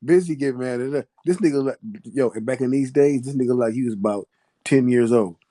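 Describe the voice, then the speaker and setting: A man's voice: medium pitch, a little fast, mellow. A man telling a story in a laid-back, profane way, laughing often as he goes. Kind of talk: casual storytelling.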